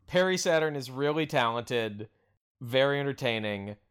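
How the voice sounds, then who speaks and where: A man's voice: medium pitch, lively intonation, moderate pace, a bit bright, smooth. A man co-hosting a casual podcast, enthusiastic and peppering his talk with filler words. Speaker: podcast co-host. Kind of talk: casual chat.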